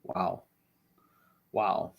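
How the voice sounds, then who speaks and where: A man's voice: very slow, highs cut off. A man co-hosting a live chat show, playful and teasing, laughing often. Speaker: co-host and tech producer. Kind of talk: casual livestream banter.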